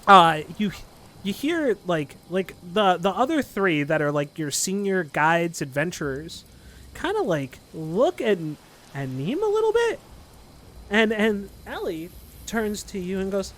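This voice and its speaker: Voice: mid-range voice, sing-song, a little slow, a bit bright, slight background noise. A game master narrating a tabletop game, who laughs often and stumbles over words.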